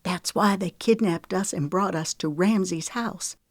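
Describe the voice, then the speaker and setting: A woman reading the part of a frightened, tearful young woman who speaks softly, almost in a whisper. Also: lowish voice, measured pace, dry recording, studio quality. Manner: soft, near whisper, trembling.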